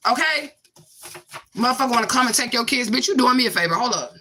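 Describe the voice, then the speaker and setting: Woman, spiritual card reading, blunt and cursing, bright tense voice, fairly high. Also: animated, fast, a little hiss or hum. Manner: blunt, profane, emphatic; repeats catchphrases for emphasis.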